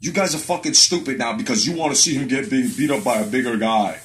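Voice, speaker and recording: A man's voice: mid-range voice, fast talker, low-quality recording. A man hosting a live stream about boxing, ranting in a heated, profane way, swearing constantly and hammering the same points again and again. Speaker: boxing commentary host. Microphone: live-stream webcam mic.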